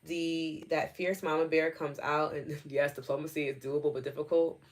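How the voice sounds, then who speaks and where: Low-pitched woman host, relaxed live-stream chat, talks straight to viewers and reads their comments. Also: normal speed. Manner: conversational, with many fillers like "like" and "you know"; speaks directly to viewers by name. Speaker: EFT coach hosting a live session.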